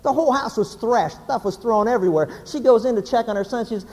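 A man, a pastor, giving a humorous sermon as an animated, joking storyteller. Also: very high voice, fast. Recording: hall reverb, faint background noise.

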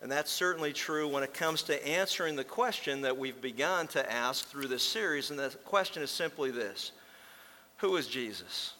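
A man's voice: on the high side, normal speed, hardly any pauses, pushed and bright. A man preaching a sermon as pastor, with folksy storytelling and emphatic repetition. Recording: long reverb in a large hall.

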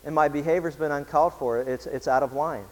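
A man's voice: on the high side, fairly even intonation, fairly quick, in a large hall, natural voice, poor audio. A man doing a reformed potty-mouthed parrot. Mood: contrite. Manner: overly formal, contrite speech. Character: foul-mouthed adult male parrot turned meekly polite.

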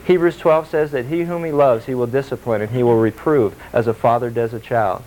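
A man preaching a sermon in a conversational, animated way, asking the congregation questions and acting out quotes in shifting voices. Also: mid-range voice, a little fast, a little hiss or hum, rough recording. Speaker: pastor.

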